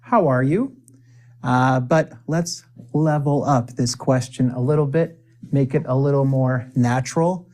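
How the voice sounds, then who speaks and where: A man teaching spoken English, drilling phrases for the viewer to repeat, with deliberate pauses and playful asides. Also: mid-range voice, a little mellow.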